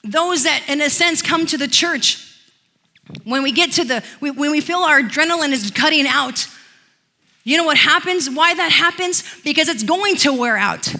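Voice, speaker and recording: A woman pastor preaching a sermon in church, telling stories and rising into loud declarations. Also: high voice, moderate pace. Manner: storytelling, swells to loud declarations.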